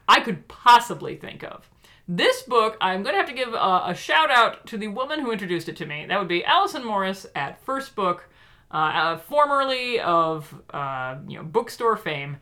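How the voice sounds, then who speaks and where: A woman co-hosting a podcast in casual chat, playful and quick to laugh, with jokey asides. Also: medium pitch, very animated, bright, forceful tone. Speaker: podcast co-host.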